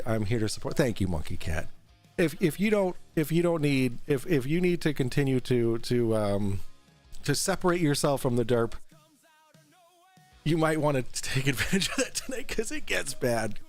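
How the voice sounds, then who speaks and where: A male host of a casual livestream talk show, drinking as he goes. He rambles, restarts his sentences, swears freely and keeps answering his chat. His voice sits at an ordinary middle pitch. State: drinking on air.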